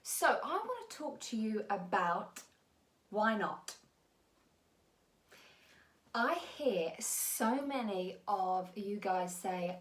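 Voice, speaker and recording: A woman's voice: mid-range voice, lively intonation, very slow, long pauses. A woman, a mindset and business coach, giving blunt, emphatic and encouraging motivational talk to the camera. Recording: echoey room.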